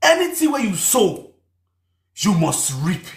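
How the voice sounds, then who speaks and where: A man's voice: high-pitched, animated, normal speed. A man with a Nigerian Pidgin accent giving mocking, preachy commentary as a gossip host. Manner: taunting, sing-song, preachy. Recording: echoey room.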